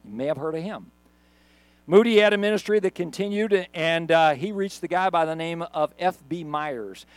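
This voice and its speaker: Middle-aged pastor guy preaching on camera, pretty high voice, talks like he's telling a story, stops and restarts a lot. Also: moderate pace, smooth, dry recording. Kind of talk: sermon recorded for online video. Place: church recorded on camera.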